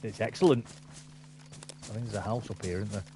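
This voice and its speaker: A man's voice: on the low side, steady tone, a little fast, mellow, slight background noise. A man in casual voice chat while gaming, joking around and laughing often. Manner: jokey, laughs often, says mate a lot. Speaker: gamer in voice chat.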